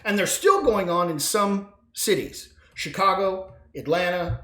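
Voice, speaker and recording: A man's voice: high voice, measured pace, fairly bright tone, echoey room. A man hosting a solo political commentary podcast, combative and sarcastic, with sudden emphatic bursts. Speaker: podcast host.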